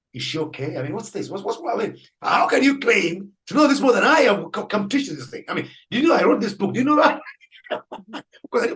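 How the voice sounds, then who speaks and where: A priest telling a story in an interview, acting out the people in it and laughing often. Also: male voice, high voice, low-quality recording. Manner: animated storyteller, acts out dialogue, laughs often. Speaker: Catholic priest guest.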